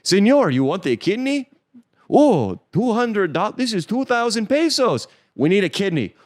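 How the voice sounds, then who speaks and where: A man's voice: high voice, sing-song, moderate pace, no room sound, clean studio sound, pitched above the performer's own voice. A man voicing a pushy street dealer who is haggling over a price. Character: fast-talking male kidney dealer, pushy.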